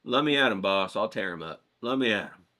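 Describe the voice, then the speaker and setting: A man voicing a big, burly male henchman who is gruff and eager to fight, pitched lower than his own voice. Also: lively intonation, a little fast, sharp tone.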